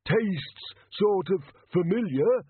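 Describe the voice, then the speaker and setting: A man playing a small, cheerful street beggar in a storybook, high and slow, drawing his words out with a simple, childlike manner. The sound is tinny and phone-like, with a husky edge. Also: animated, dry recording, heavily acted. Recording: tinny phone-like narrow band, dry.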